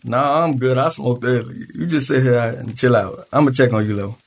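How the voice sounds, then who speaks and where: A voice actor playing a brash young college friend who talks in a teasing, slangy way with a husky voice. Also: mid-range voice, moderate pace, close to an everyday voice. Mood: persuading.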